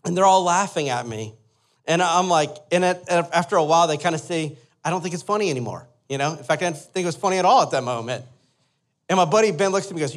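A young adult man, a pastor, telling a lively personal story in a sermon and asking the listeners to imagine along with him. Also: a little high, quick pace. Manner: animated storyteller, asks the audience to imagine.

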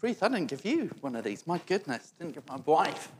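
A man's voice: a little high, sing-song, fairly quick, slight background noise. A man preaching a sermon, telling funny stories, acting out the voices of the people in them and laughing often. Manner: storytelling, acts out quoted voices, laughs often. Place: church hall. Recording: echoey church hall.

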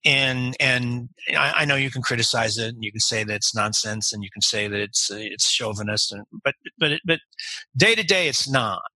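A man from the United States, talking as a guest in a casual conversation, halting and repeating words as he searches for them. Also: mid-range voice, sharp tone, no echo, low-quality recording.

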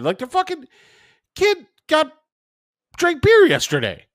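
Animated man telling stories, swearing. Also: extremely high pitch, takes it slowly, dry recording, studio quality. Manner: animated storytelling, swearing, acting out voices in quotes. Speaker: podcast co-host. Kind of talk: casual chat.

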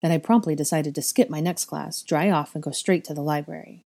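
A woman reading a first-person story aloud in a measured, soft storytelling manner. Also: deep voice, fairly even intonation, gravelly. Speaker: audiobook reader. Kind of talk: first-person fan fiction narration.

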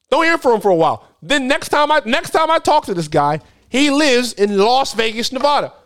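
Animated high-voiced young man telling a story. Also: normal speed. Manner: animated, slangy, loud quoting of friends. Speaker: podcast co-host. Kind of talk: casual storytelling chat.

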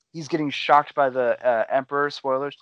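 A man in casual conversation, telling stories with enthusiasm and slipping into quick impressions of the people in them. The recording is dry and a little muffled, with no room sound. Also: medium pitch, no room sound. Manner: animated storyteller, acts out quotes. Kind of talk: casual chat.

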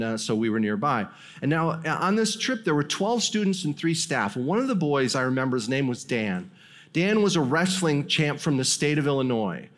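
A man preaching as a guest speaker, telling a long personal story with wry humor and quick asides. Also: on the high side, fairly bright tone. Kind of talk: sermon storytelling.

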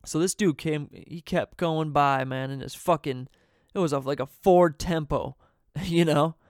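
Male storyteller, slightly high and smooth voice, relaxed and profane, chuckles as he goes. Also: measured pace, dry recording, studio quality. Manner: profane and laid-back, peppered with "man"; laughs between sentences. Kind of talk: casual storytelling.

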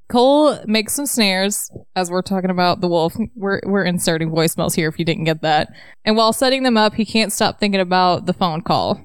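A woman co-hosting a book podcast, summarizing chapters with dry, deadpan jokes. Her voice is smooth and clear, recorded close with a dry sound. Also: fairly low pitch, moderate pace, no echo. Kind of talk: casual chat summarizing a novel.

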